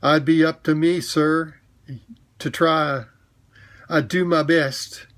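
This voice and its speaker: A man's voice: a little high, steady tone, slow pace, a bit bright. A man voicing a humble male London cab driver with a Cockney accent in a storybook reading, speaking in a hesitant, plain working-class way.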